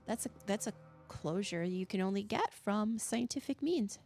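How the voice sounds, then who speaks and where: A woman's voice: medium pitch, expressive, moderate pace, creaky, a little mellow, faint music behind. A woman streaming a game, chatting casually in a musing, easily fascinated way. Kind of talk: casual live-stream chat while gaming.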